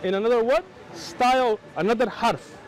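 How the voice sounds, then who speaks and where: A man's voice: extremely high pitch, normal speed, poor audio. Insistent American man debating outdoors. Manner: insistent, lecturing, talks over the other man. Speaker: Muslim debater. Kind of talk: heated street debate.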